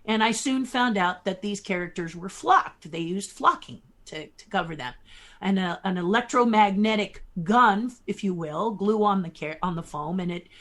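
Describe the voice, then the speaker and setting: Woman in her 60s telling stories on a podcast, animated, laughs as she goes. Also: medium pitch, moderate pace. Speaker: guest puppeteer. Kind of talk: anecdotal storytelling in a podcast interview.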